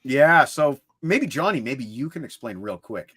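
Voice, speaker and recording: A man's voice: mid-range voice, a little slow, slightly rough. A man co-hosting a livestream, chatting enthusiastically about his CD collection. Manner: enthusiastic, lively collector talk. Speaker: co-host showing his CD collection. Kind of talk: casual chat on a livestream.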